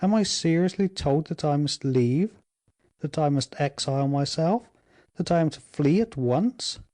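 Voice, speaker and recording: A man's voice: fairly high pitch, expressive, measured pace, a little mellow, pitched above the performer's own voice. A man reading an ardent young duke. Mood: impassioned. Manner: eager and impassioned.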